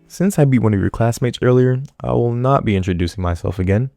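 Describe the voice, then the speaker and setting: A man giving a casual reaction commentary on a TV drama, animated and joking, with slangy talk. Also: mid-range voice, quick pace, gravelly, dry recording, studio quality, faint music behind.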